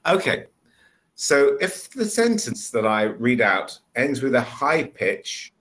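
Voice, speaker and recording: This is a one-on-one online English lesson in which a man tutors over a video call, patiently repeating examples. His medium-pitched voice is fairly bright, swings widely in pitch, and moves slowly. The audio is poor.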